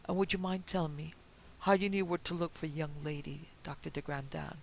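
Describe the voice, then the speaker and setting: A woman's voice: sits low, fairly even intonation, fairly quick, vocal fry, slight background noise, low-quality recording. A woman voicing a respectful Irish-American police sergeant with an Irish accent.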